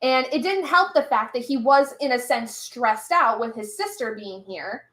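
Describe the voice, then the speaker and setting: A woman's voice: on the high side, expressive, moderate pace, fairly bright tone. A young woman streamer chatting casually to live viewers, telling a story with lots of fillers and little laughs. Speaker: streamer hosting a reading sprint. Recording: echoey room.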